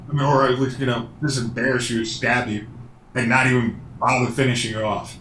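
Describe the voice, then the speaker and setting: A man co-hosting a casual podcast chat, starting haltingly with many restarts before speeding into quick bursts. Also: medium pitch, flat delivery, a bit bright. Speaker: podcast co-host. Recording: echoey room with faint background noise.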